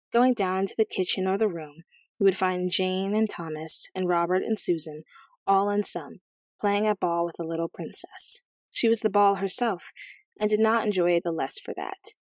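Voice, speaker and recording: A woman narrating a fairy tale as an audiobook, in a measured, gently expressive storytelling manner. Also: lowish voice, no echo, clean studio sound.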